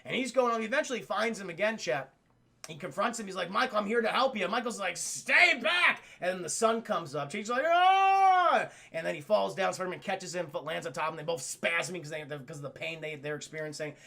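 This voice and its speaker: A man live-streaming to his chat, excitedly recapping a cartoon episode, swearing often and acting out the characters' lines. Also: high voice, quick pace, creaky.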